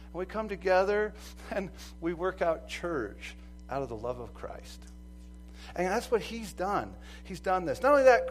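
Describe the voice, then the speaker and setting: A man preaching a sermon as pastor, animated, acting out quoted voices and swinging from loud to soft. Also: sits high, a little hiss or hum, rough recording. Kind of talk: lively sermon.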